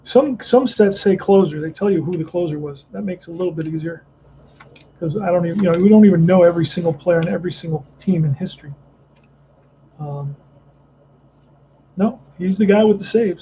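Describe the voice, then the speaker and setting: A man's voice: sits high, dark tone, lo-fi sound, a little hiss or hum. A man casually narrating a tabletop baseball replay, thinking aloud and rambling with frequent restarts. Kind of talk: casual play-by-play and chat.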